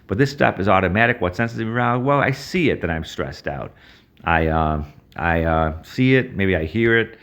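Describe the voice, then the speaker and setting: A man presenting and demonstrating an app in a halting, casual walkthrough with many fillers and restarts. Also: sits low, animated, a bit bright. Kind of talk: screen-share app walkthrough.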